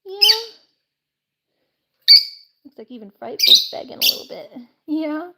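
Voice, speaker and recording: A woman's voice: sits high, sing-song, fast talker, heavy background noise. A woman chatting casually on a live stream, laughing often and switching to baby talk with her birds.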